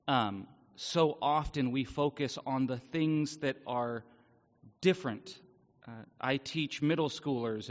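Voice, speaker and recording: A middle-aged man, a teacher, giving an earnest devotional talk to a congregation, his voice slightly hoarse, pausing often with ums. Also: medium pitch, a bit bright. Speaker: lay speaker and middle school teacher. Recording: dull lo-fi sound with long hall reverb.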